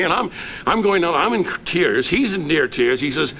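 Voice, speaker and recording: A man's voice: a little high, normal speed, slight background noise. A man telling an anecdote as a talk show guest, acting out what others said. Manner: animated, acts out quotes. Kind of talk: anecdotal storytelling.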